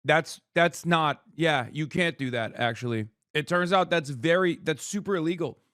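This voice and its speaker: A sarcastic man in his thirties streams political commentary, swearing freely and racing through headlines. His voice sits a little high, and the sound is dry and close. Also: moderate pace, fairly bright tone, no echo. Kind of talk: casual commentary.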